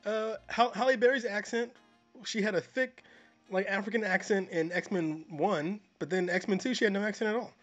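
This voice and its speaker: A man co-hosting a film review podcast, chatting casually in a dry, deadpan, long-winded way. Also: sits high, moderate pace, soft background music. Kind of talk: casual chat. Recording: dull lo-fi audio.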